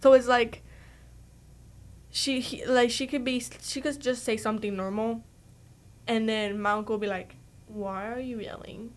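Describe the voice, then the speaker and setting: Playful storytelling woman, highish voice. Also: little pitch movement, moderate pace, long pauses. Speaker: student or staff member. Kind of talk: casual group chat.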